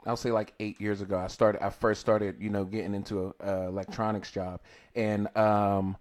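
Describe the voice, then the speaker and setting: A man's voice: fairly low pitch, flat delivery, moderate pace, a little mellow. A man co-hosting a podcast in casual chat, talking loosely and profanely, with frequent restarts. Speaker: podcast co-host.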